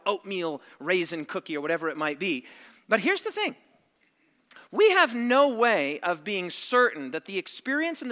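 A man's voice: high-pitched, sharp tone. A middle-aged man preaching a sermon, reasoning step by step in an analytical way with asides. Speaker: pastor. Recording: long reverb of a large hall.

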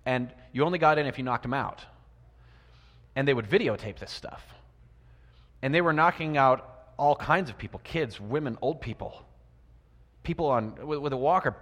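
A man preaching a sermon. He asks his listeners many rhetorical questions and swings between loud emphasis and quiet asides. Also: medium pitch, lively intonation, normal speed, long pauses. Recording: long reverb of a large hall.

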